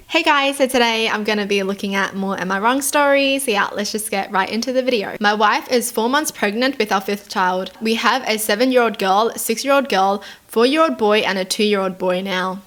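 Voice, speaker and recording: An Australian woman reads online stories aloud and reacts to them in a chatty, casual way, dropping plenty of "like" and "dude" along with giggly asides. Her voice is mid-range and a bit bright, and she speaks at a moderate pace with hardly any pauses.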